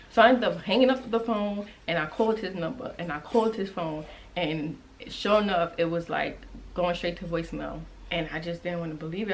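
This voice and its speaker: Young woman vlogger, lowish voice, emotional and halting, casual storytime to her viewers. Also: creaky, slight background noise, rough recording. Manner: emotional, halting, with many restarts and fillers; conversational and direct to viewers.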